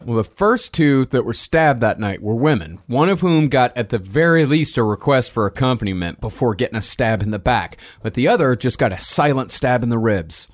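Male podcast co-host, lively pitch, casual true-crime narration. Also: normal speed, hardly any pauses.

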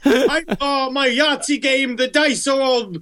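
A man putting on a manic, high shouting braggart. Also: fairly even intonation, a little slow, exaggerated voice. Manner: manic, breaking into laughs. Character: jittery boastful man, shouting and giddy.

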